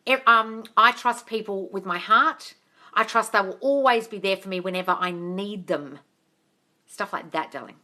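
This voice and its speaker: A woman's voice: medium pitch, moderate pace. A woman coach answering live-stream comments, blunt and sweary, calling viewers darling. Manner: bursts into loud excited cheers.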